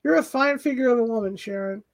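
A woman reading an audiobook, voicing a stubborn, gruff older husband in a low, subdued, hesitant way. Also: fast talker, dry recording, natural voice. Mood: tender. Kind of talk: audiobook character voice.

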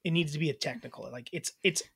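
A woman's voice: sits low, quick pace, creaky, fairly bright tone, breathy edge. A woman in her thirties co-hosting a podcast, chatting bluntly and casually with lots of swearing and filler words. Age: 30s. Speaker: podcast co-host. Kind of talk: casual chat.

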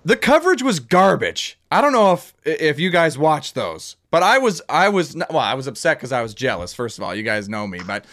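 A man hosting a casual sports chat, ranting in an animated, joking way. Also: a little high, fairly quick, few pauses. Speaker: podcast host.

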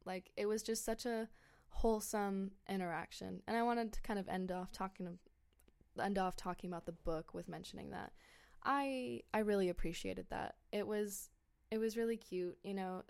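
A woman's voice: medium pitch, gravelly, a little mellow, smooth. A woman hosting a podcast in casual chat, gossipy and incredulous, with many fillers and short laughs. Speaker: podcast host.

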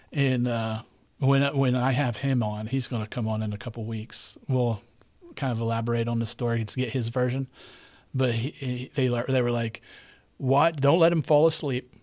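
A man's voice: mid-range voice, flat delivery, moderate pace, darkish tone. Man telling a rambling story. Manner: rambling, conversational, repeats himself. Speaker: podcast host. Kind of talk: casual storytelling.

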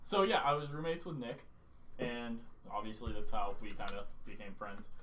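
A man's voice: medium pitch, lively intonation, normal speed, fairly bright tone, far from the mic. A young man co-hosting a podcast, telling a story casually and animatedly, swearing and laughing as he goes. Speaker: podcast co-host.

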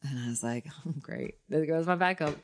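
A woman's voice: deep voice, a little fast. A woman telling a long story in casual chat, acting out the people she quotes and laughing often.

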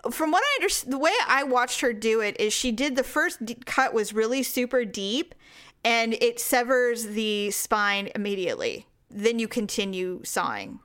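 A woman chatting casually as a podcast co-host, animated, acting out what people said. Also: fairly high pitch, normal speed. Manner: animated storytelling, acts out quotes. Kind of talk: casual chat.

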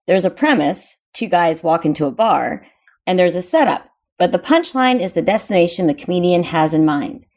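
A woman co-host reads a book chapter aloud at an even, steady pace. Her voice sits a little low. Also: moderate pace.

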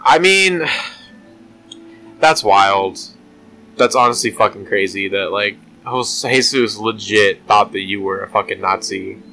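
A man's voice: on the low side, measured pace, pushed and bright. A young man chatting casually on a podcast, laid-back and profane, telling work stories. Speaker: podcast co-host. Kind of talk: casual chat.

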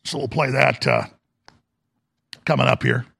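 A man's voice: mid-range voice, steady tone, unhurried, creaky, fairly bright tone, slightly rough. A man hosting a talk show, delivering a sarcastic, combative rant. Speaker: talk radio host. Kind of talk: ranting talk show monologue.

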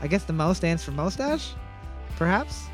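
A man's voice: a little high, very animated, moderate pace, faint music behind. A man hosting a trivia show, joking and laughing often in comedic banter. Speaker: trivia host.

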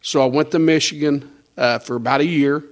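A man's voice: fairly high pitch, fairly even intonation, a little fast. A man, a pastor telling his life testimony in a folksy, conversational way, acting out the lines of the people in his story and chuckling now and then. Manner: storytelling with quoted dialogue and chuckles.

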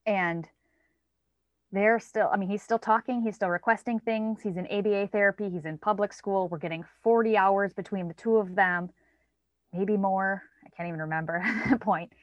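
Talking casually about her child, a thirty-something mother appearing as a guest keeps slipping into a raised voice to act out what people said. Her pitch is mid-range and her pace moderate. The recording is dry and slightly muffled.

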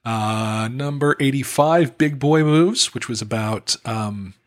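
A man's voice: medium pitch, slow pace. A man co-hosting a podcast in casual chat, reading out figures and joking along. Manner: chatty, reads out stats, jokey. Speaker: podcast co-host.

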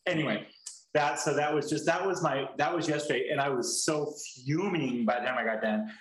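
This podcast co-host has a voice on the high side and a brisk pace. He talks casually and rambles, restarting often and swearing freely, and the recording carries a roomy echo.

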